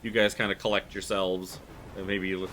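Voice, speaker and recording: A man's voice: low-pitched, little pitch movement, moderate pace, a bit bright, slight background noise. A man running a tabletop horror game, narrating loosely with lots of "like" and fillers. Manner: loose, filler-heavy storytelling with frequent "like". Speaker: game master.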